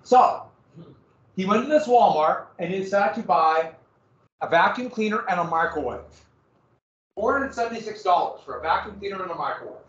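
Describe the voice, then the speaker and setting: Man, presenter, jokey and digressive, slightly high voice, distant, lo-fi roomy sound. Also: animated, brisk, fairly bright tone. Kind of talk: casual slide presentation to a small group. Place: room with a small audience.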